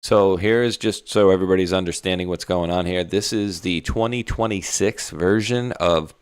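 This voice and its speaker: A man's voice: sits low, steady tone, a little fast, clean tone, dry recording, studio quality. A man co-hosting an online talk show in a laid-back, rambling, mocking way. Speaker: co-host. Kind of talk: casual chat.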